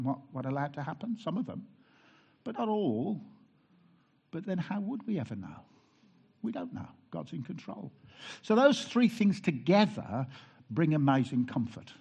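Husky pastor preaching earnestly. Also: male voice, medium pitch, darkish tone. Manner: earnest, stumbling restarts, wry asides. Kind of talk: sermon with personal stories.

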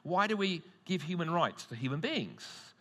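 A man's voice: fairly high pitch, very animated, moderate pace, pushed and bright, voice pushed up, heavily acted. A man acting out a curious male teacher who raises questions with his class. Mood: wondering.

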